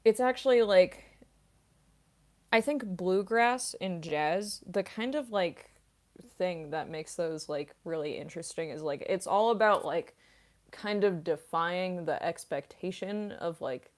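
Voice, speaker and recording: A woman's voice: fairly low pitch, animated, unhurried, a little mellow. A young woman streamer and voice actress answering chat questions casually, rambling with lots of fillers and giggles.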